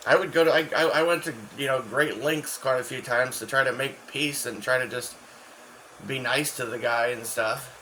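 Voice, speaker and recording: Casual male host, mid-pitched, rambling and profane, faint background hiss. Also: sharp tone, low-quality recording. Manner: profane, halting, full of restarts and fillers. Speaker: channel host.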